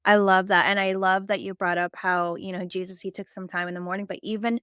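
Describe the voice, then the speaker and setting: A woman hosting a podcast in an upbeat, affirming way. Her voice is smooth and clear, and the recording is dry and close, with no room sound. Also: mid-range voice, flat delivery, pushed and bright, no room sound. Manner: upbeat and affirming, quick to agree. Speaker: podcast host. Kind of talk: faith-based business interview.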